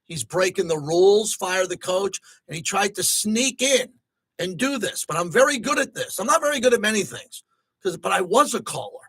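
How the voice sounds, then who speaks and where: A man with a high-pitched, slightly rough voice hosts a sports talk radio show from a studio, speaking at normal speed into a close studio mic with no room sound. He talks at length, excitable, and when riled he works himself up nearly to shouting.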